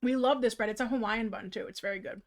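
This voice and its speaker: A woman streamer chatting casually while she draws, bubbly and quick to laugh. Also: a little high. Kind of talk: casual livestream chat.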